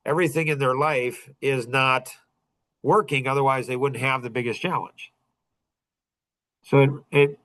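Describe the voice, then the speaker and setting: A man's voice: medium pitch, fairly bright tone, dry recording, rough recording. A middle-aged man talks casually to a small group, rambling and circling back with lots of fillers and false starts. His voice sits in the middle of the male range. The recording is dry and close, with no room sound. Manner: rambling, with many fillers and restarts. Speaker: podcast host and coach.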